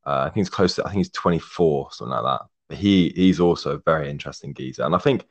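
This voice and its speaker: A young man in his twenties, a podcast guest in a casual chat, rambling warmly and swearing heavily, calling his friend mate. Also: very deep voice, fast talker. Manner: effusive, rambling, heavy swearing, says mate a lot. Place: remote call, living in Germany.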